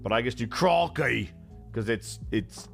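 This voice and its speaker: Animated man chatting in a live Q&A. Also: moderate pace, soft background music. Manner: animated and joking, often jumps in pitch. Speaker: voice actor signing autographs. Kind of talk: casual live Q&A chat.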